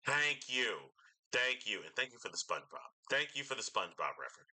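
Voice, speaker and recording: Animated ranting young man, bright voice. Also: medium pitch, fairly quick. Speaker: commentary YouTuber. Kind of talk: reaction commentary.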